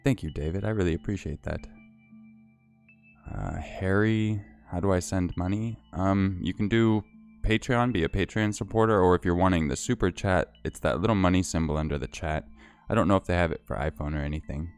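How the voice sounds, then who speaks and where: A man hosting a livestream, chatting casually and reading out viewer comments and thanks in a relaxed, chatty way. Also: low-pitched, fairly quick, faint music behind. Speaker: livestream host.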